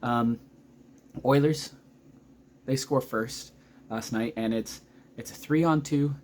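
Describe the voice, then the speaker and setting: A man in his thirties recaps a hockey game in a chatty vlog. His voice sits at an ordinary middle pitch, and his delivery is excitable and rambling. He often stops mid-sentence to hunt for a detail, and a faint hiss runs under the recording. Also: slow pace. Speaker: vlogger, hockey fan. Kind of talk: casual game recap commentary.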